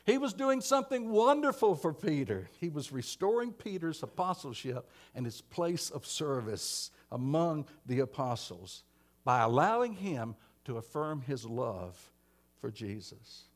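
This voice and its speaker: Male preacher, slightly high voice, dramatic loud-to-soft delivery, church sermon. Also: very animated, unhurried. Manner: dramatic swings from emphatic to hushed.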